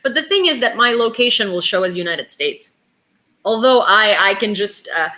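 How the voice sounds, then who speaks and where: A woman's voice: medium pitch, lively intonation, moderate pace, pushed and bright. A woman, chatting casually with viewers, rambling and often laughing. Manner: laughing, rambling and self-correcting. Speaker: streamer. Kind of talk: casual chat.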